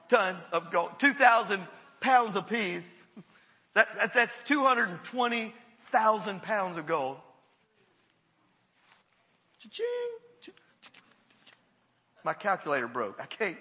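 A male pastor preaches with an animated delivery, repeating words and calling on the congregation. His voice sits high and sounds bright and forceful. It rings out with the long reverb of a church hall. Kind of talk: sermon.

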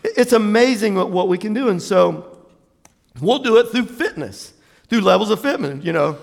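A man from Jacksonville, Florida, preaching a sermon as pastor, an animated storyteller with laughing asides who acts out voices. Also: high voice, normal speed, vocal fry, big-room sound. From Jacksonville, Florida, USA.

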